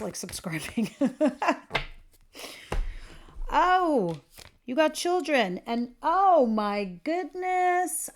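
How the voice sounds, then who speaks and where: A woman with a fairly high voice talks straight to her viewers through a tarot reading. She is chatty and informal, laughing often and dropping casual swear words. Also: slight background noise. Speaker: tarot reader.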